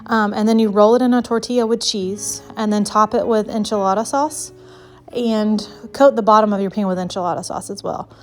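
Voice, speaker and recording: A young woman chatting through a casual home cooking voice-over, a little out of breath, rambling with lots of fillers. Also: mid-range voice. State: slightly out of breath. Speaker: vlogger, mother of six.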